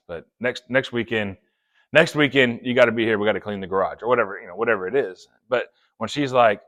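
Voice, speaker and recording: A man preaching a sermon, playful and chatty, acting out quick quoted asides. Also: fairly low pitch, fairly bright tone. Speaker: pastor.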